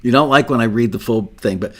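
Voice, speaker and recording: A man's voice: medium pitch, fast, a bit bright. Older man, host, casual rambling storytelling, jokes at his own expense. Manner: rambling, self-deprecating, laughs often. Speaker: podcast host.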